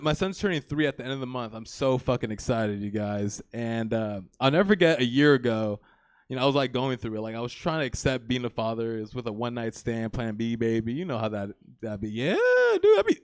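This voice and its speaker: A man's voice: mid-range voice, big pitch swings, fairly quick, smooth, no echo, studio quality. A young man in his twenties doing a live stand-up set on a comedy theater stage, rambling and crude, with plenty of "you know" and "like".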